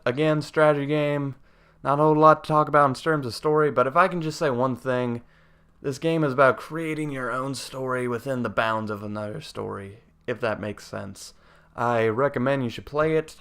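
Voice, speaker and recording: A man's voice: medium pitch, normal speed, fairly bright tone, clear, resonant tone. A young man giving a casual video game review in a rambling, profane, jokey way.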